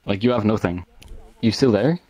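A man's voice: lowish voice, moderate pace, darkish tone. A man, a stranger in a voice chat game, coolly mocking another player's roasts. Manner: mocking, cocky.

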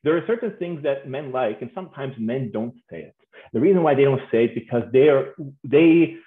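A man giving a humorous conference talk on marriage, animated and playful, acting out voices and laughing often. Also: medium pitch, fairly quick. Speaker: speaker on marriage. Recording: tinny phone-like sound in an echoey room.

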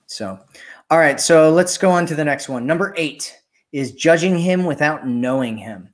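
A man's voice: a little high, moderate pace. A man hosting a casual dating advice chat, talking loosely and acting out quoted voices. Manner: animated, acts out quoted voices. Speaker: dating coach and host.

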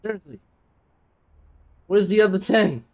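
Male gamer, slightly high voice, exasperated running commentary. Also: a little slow. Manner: exasperated, complaining aloud. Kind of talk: let's-play commentary.

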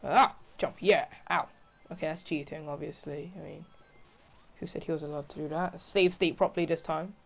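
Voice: medium pitch, steady tone, a little fast, creaky. A let's-play gamer giving casual commentary to themselves while playing, often groaning and crying out in frustration. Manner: talks to self, frequent exclamations and groans.

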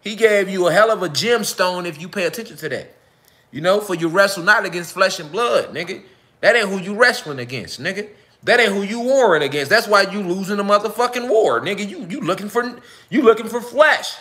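A man's voice: high voice, lively intonation, fairly quick, sharp tone. A man giving an unscripted live speech to his followers, heated and profane, with lots of repetition and street slang. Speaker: self-styled spiritual speaker.

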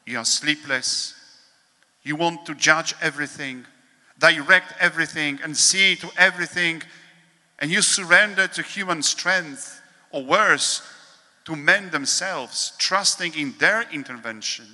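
A priest reading a devotional meditation in a slow, measured, solemn way, with pauses, in a large hall. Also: male voice, on the high side, pushed and bright.

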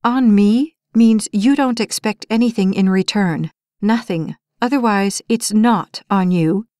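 A woman's voice: medium pitch, measured pace, no room sound, studio quality, lightly acted. A woman voicing a firm, fed-up young woman. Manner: firm and sharp, rising when pushed. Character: tired, firm young woman fending off a date.

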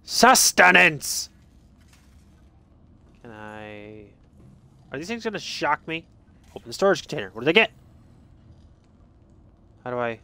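A man's voice: mid-range voice, sing-song, normal speed, pauses often, pushed and bright, clean tone, no room sound. A man giving jokey let's play commentary, reading game text aloud and swinging from mutters to sudden yelps. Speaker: gaming streamer.

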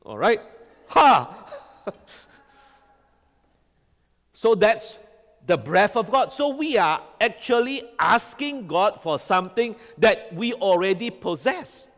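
Animated preacher in a reverberant hall. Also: male voice, high-pitched, unhurried. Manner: animated, quizzes the congregation with repeated "all right?". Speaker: pastor. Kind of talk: sermon.

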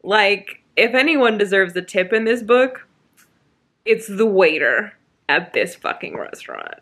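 A woman talks casually to her camera about a book, slipping into sarcastic, exasperated rants. Her voice is bright and forward, and her speech is full of fillers and quick restarts. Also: medium pitch, lively intonation. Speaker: book vlogger. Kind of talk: casual reading vlog.

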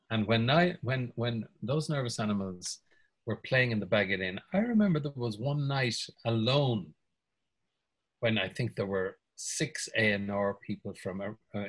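A man's voice: mid-range voice, husky, low-quality recording. Older Irish man telling anecdotes. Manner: anecdotal, chuckles often, mimics voices in stories. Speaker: music producer guest. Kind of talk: casual reminiscing interview.

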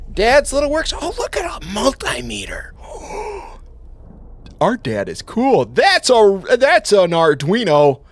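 Animated slow-talking man playing horror. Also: high-pitched. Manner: jumpy, joking, yelps and laughs at scares. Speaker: let's play host. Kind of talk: horror game commentary. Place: at home.

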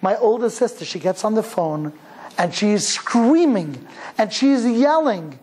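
A man's voice: high voice, expressive, a little slow, darkish tone, husky. A man from Cleveland, Ohio, a rabbi telling a personal story in a sermon, speaking in an emphatic, earnest way and repeating phrases for emphasis. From Cleveland, Ohio, USA.

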